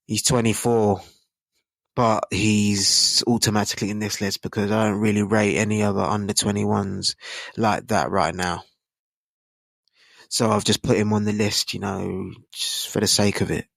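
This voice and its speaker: A man's voice: lowish voice, flat delivery, moderate pace, vocal fry, fairly bright tone, dry recording. A man, rambling casually about football in slang and asking rhetorical tag questions. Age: 20s. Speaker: football channel host. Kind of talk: casual football opinion monologue.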